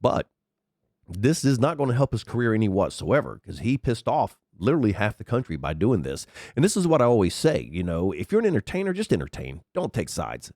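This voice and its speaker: A man's voice: wildly swooping pitch, fairly quick, darkish tone, no room sound, clean studio sound. A man hosting his own podcast, sick and congested with sniffles, talking in a rambling, chatty commentary and swearing freely into a headset mic. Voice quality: unusually deep from a cold. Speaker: podcast host. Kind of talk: casual commentary monologue.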